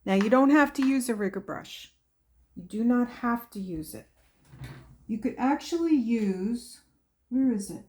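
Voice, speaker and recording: A woman demonstrates painting at an unhurried pace, her voice slightly high and soft in tone. She chats to the viewer and mutters to herself as she works. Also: animated, slight background noise. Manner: slow, chatty, talks to herself while working. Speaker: art tutorial host.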